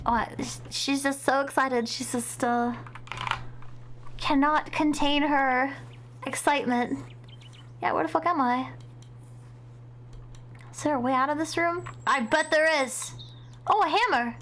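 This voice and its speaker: A young woman streaming a game live, excitable and dramatic, reacting out loud and swearing freely. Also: sits high, unhurried, pauses often, a little hiss or hum. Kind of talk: live gameplay commentary.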